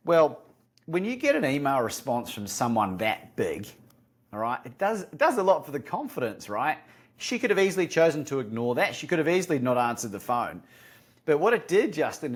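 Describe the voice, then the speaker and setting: An Australian man, a guest on an interview podcast, telling a story and acting out phone calls. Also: mid-range voice.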